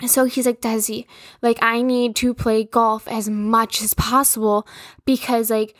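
A woman's voice: on the high side, little pitch movement, a little slow, fairly bright tone, no room sound, studio quality. A young woman from Minnesota hosting a podcast, telling a story in a blunt, profane, exasperated way. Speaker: podcast host. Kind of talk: casual solo rant.

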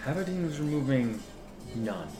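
A man's voice: mid-range voice, normal speed. Male game master, chatty and rambling, room echo with background music. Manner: rambling, animated, frequent restarts. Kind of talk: narrating a tabletop game. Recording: roomy echo with music behind.

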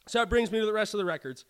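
A young man co-hosting a podcast, chatting casually about sports betting, swearing often and rambling with excitement. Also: sits high, clean tone. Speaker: podcast co-host.

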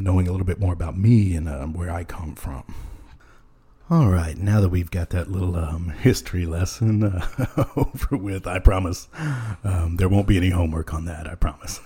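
A man rambles through a casual podcast monologue, full of ums and little chuckles at his own jokes. His voice sits very low with a gravelly fry, dark and husky in tone. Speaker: podcast host.

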